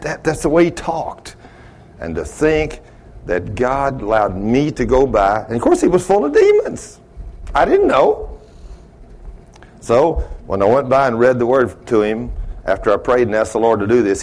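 A man's voice: medium pitch, sing-song, moderate pace. Folksy male preacher telling stories. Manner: folksy, laughs at his own stories; big swings from loud to hushed. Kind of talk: sermon storytelling.

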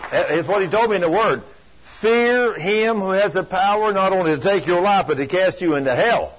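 Husky preacher telling folksy stories. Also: male voice, high voice. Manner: folksy storytelling, dramatic swings from loud to hushed. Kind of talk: sermon. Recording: dull lo-fi sound.

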